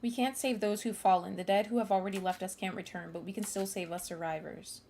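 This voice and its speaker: A woman reading game dialogue aloud as a determined young woman vowing to fight on, in an earnest, measured way. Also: medium pitch, steady tone, darkish tone, slight background noise, close to an everyday voice. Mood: resolute.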